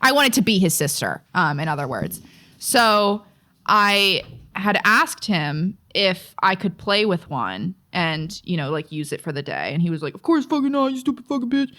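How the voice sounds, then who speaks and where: Low-voiced young woman, rambling storyteller. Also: animated, a little slow, pushed and bright. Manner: rambling, profane, filler-heavy storytelling. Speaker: podcast co-host. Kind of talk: casual storytelling chat.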